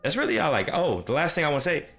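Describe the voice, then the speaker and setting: Racing and very animated, a man with a fairly high, slightly bright voice recaps his last game session as a dungeon master. He rambles casually and solo, with plenty of fillers and self-deprecating asides, over faint synth music.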